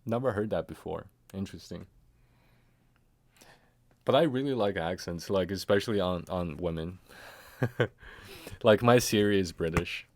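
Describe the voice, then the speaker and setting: Deep-voiced, slow-talking male streamer. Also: darkish tone. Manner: rambling, trailing off and muttering to himself; chuckles often. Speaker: game streamer. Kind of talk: casual live-stream commentary.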